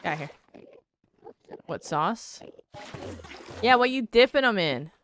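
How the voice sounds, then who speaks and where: A woman's voice: medium pitch, lively intonation, takes it slowly, background noise. A young woman streamer chatting casually with her viewers while gaming, reading their messages aloud and swearing freely.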